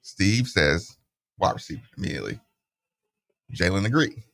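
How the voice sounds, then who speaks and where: A middle-aged man hosting a sports radio show, telling stories in a casual, animated way and acting out the voices of the people he quotes, into a studio microphone. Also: deep voice, moderate pace, vocal fry.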